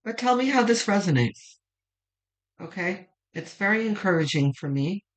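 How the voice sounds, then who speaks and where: A woman's voice: mid-range voice, animated, normal speed, rough recording. A woman giving a weekly tarot reading in an informal vlog, chatty and emphatic, swearing for emphasis and cheering her viewers on. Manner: emphatic, fired-up encouragement. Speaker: tarot reader.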